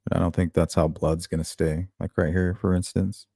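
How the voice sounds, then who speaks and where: Low, mellow-voiced man chatting. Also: level tone, fairly quick, gravelly, breathy edge, dry recording, studio quality. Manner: conversational, thinking aloud with fillers. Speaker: true crime commentary host. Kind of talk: casual commentary on news clips.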